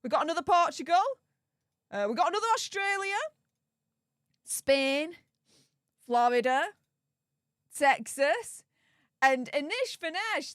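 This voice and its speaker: A woman's voice: very high voice, fairly bright tone, no echo, clean studio sound. A woman with a Yorkshire accent hosting a casual livestream, bubbly and effusive as she greets viewers one after another. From England. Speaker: livestream host. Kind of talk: casual livestream chat with viewer shout-outs.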